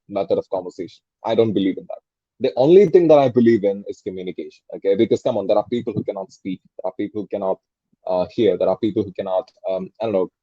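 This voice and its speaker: A man's voice: lowish voice, dark tone, dry recording, dull audio. A man in his twenties whose first language is Malayalam, an English tutor chatting casually and thinking aloud with many fillers and restarts. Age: 20s. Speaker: English tutor and soft skills trainer. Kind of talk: casual conversational interview.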